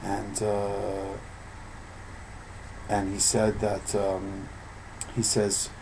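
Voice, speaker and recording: A man teaching an informal evening Torah class, telling stories with animated, loud bursts when he acts out quotes. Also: lowish voice, very slow, long pauses, slight background noise, poor audio.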